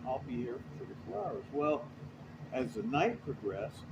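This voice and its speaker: Male trucker, mid-pitched, talks in loose profane yarns with a lot of swing in the voice; noisy recording with engine rumble. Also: moderate pace. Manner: rambling, profane, animated retelling. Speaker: truck driver. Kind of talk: casual storytelling.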